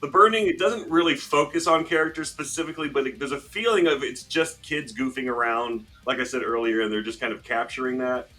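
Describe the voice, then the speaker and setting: A man on a podcast panel giving a measured, hedging opinion. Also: medium pitch, pushed and bright. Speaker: panel guest. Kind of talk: casual panel chat.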